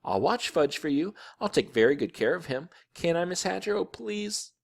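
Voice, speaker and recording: A man reading aloud voices a bossy know-it-all girl of about nine, high and shrill. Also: very animated, moderate pace, vocal fry, exaggerated voice. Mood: eager begging.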